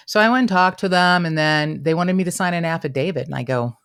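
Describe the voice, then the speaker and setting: A woman's voice: fairly low pitch, fast, a bit bright, clean tone. Chatty woman retelling a phone call. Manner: retells conversations with quoted back-and-forth, swears, self-mocking. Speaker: podcast co-host. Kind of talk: casual true-crime chat.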